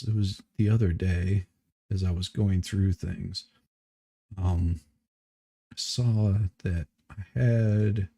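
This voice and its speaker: Male stream host, dark, gravelly, out of breath, rambling and self-mocking. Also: on the low side, no room sound. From Southeast Michigan, US. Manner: rambling, self-deprecating, greets chat viewers by name. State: a little out of breath. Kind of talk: casual live-stream chat.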